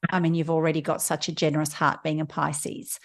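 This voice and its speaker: A woman giving horoscopes on a radio show, explaining them in a gentle, reassuring way. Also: low-pitched, flat delivery, fairly quick, creaky. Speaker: astrology coach.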